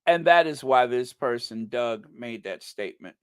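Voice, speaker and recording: A man's voice: mid-range voice, expressive, moderate pace, clear, resonant tone, no echo, studio quality. A man hosting a casual commentary channel, reacting to news and posts in a gossipy, incredulous way and chuckling often.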